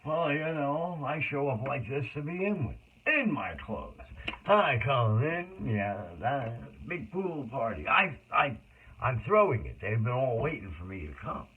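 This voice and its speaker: A man's voice: mid-range voice, big pitch swings, a little slow, breathy edge. A middle-aged man telling his life story in a rambling monologue that jumps between tangents. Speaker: autobiographical monologue speaker. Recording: tinny phone-like audio.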